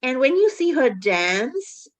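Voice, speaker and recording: A woman's voice: high-pitched, sing-song, takes it slowly. Emphatic woman reviewing a film. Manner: emphatic and exasperated, frequent stumbles and restarts. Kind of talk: casual film review chat.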